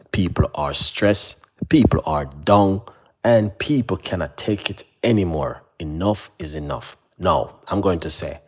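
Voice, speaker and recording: A man speaks casually to his audience. He is earnest and repetitive, circling back with "you know what I mean" as he encourages them. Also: slightly rough. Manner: mimics receptionists in a higher voice. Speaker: channel host. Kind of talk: casual motivational talk to camera.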